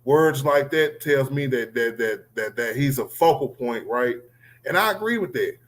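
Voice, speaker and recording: A man's voice: medium pitch, animated, normal speed, a bit bright, poor audio. A man hosting a casual sports livestream, talking loosely with slang and calling on guests by name. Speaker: livestream host.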